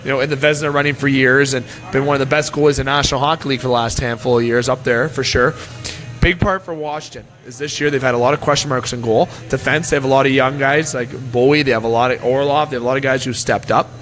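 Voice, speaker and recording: A man's voice: mid-range voice, fairly even intonation, fast, a bit bright. A Canadian man hosting a casual hockey talk show, rambling and opinionated as he breaks down the teams. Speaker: sports talk show host. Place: restaurant. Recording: faint music behind.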